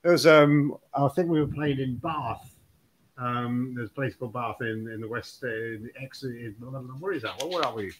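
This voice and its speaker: Older guest musician, lively yarn-spinner who keeps laughing. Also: male voice, mid-range voice, moderate pace, background noise. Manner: animated storyteller, laughs often. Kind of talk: casual chat.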